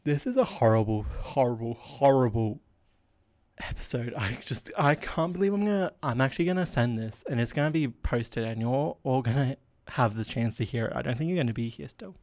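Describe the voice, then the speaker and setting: A man's voice: mid-range voice, animated, fairly quick, hardly any pauses, a little mellow, dry recording. A man hosting a solo comedy podcast, rambling and self-deprecating with lots of fillers and a stuffy nose. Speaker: podcast host.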